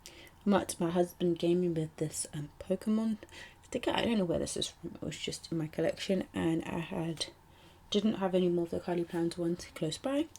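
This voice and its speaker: Soft-spoken young British woman, mellow and breathy. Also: lowish voice, normal speed. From United Kingdom. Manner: rambling, chatty, with many ums and asides. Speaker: planner vlogger. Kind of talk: casual voice-over narration.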